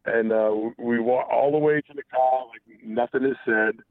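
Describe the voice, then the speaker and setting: A man calling in and telling a personal story casually, halting and profane, full of restarts. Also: mid-range voice, fairly even intonation, no echo. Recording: tinny phone line.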